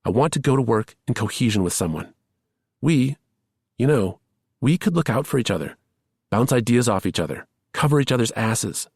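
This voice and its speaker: A man's voice: mid-range voice, expressive, vocal fry, darkish tone, husky, no room sound, pitched above the performer's own voice. A man reading a thriller audiobook, voicing an earnest, eager young woman who is a police rookie. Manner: eager, pleading, fast-rising emotion.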